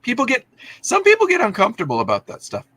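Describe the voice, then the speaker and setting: A man's voice: extremely high pitch, huge pitch swings, quick pace, bright, forceful tone, dry recording. A man from Texas hosting a casual video-call chat, a rambling storyteller who acts out the voices of the people he quotes. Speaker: host.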